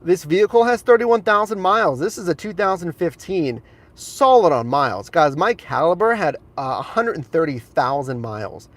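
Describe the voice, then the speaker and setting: A man's voice: fairly high pitch, big pitch swings, normal speed. A man streaming live from his car, enthusiastically showing viewers around the vehicle and chatting with them as he films on a handheld phone. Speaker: rideshare driver and streamer. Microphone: handheld phone camera.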